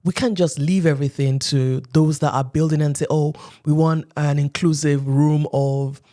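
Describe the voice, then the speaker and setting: A woman from Nigeria in her thirties, telling stories as a podcast guest and acting out quotes in animated voices. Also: low voice, normal speed. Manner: animated storyteller who acts out quotes, often laughing. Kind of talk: casual interview talk.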